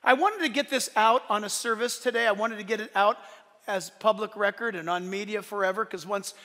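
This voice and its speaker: A man preaching a sermon to his church, animated and swinging from loud declarations to soft, joking asides. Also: high voice, fairly quick, big-room sound. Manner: playful, joking asides to the congregation. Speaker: pastor. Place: church service.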